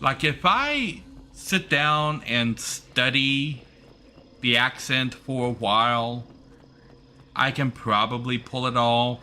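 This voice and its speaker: A man's voice: mid-range voice, takes it slowly, sharp tone. A man streaming a game, chatting casually and rambling with many fillers and restarts. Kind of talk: casual chat while gaming.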